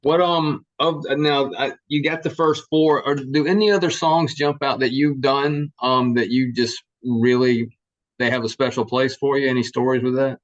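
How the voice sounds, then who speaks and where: A man hosting an interview, asking halting questions with fillers. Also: mid-range voice, fairly even intonation, dull audio. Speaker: host. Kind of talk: casual interview.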